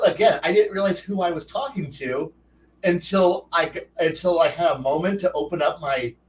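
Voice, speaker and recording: A high-pitched man telling a loose, rambling anecdote on his stream, stumbling and restarting as he goes. He acts out the quoted exchanges with bursts of energy. His voice sits a little back from the microphone. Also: recorded from a distance, poor audio. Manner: rambling, frequent restarts, animated quoted dialogue. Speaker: streamer host. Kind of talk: casual storytelling monologue.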